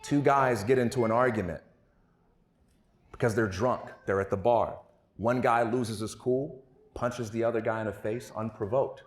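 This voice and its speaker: A man's voice: medium pitch, normal speed. A man telling a story and speaking at a conference on a stage mic in a hall. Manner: storytelling, animated. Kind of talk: storytelling keynote talk. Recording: roomy hall echo.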